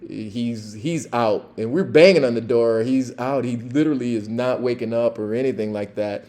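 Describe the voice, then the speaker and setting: A middle-aged man, a former police officer hosting a podcast, tells stories in a relaxed, chatty way with lots of fillers. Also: mid-range voice, normal speed. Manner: relaxed and chatty with many fillers, laughing at his own story. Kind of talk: casual storytelling.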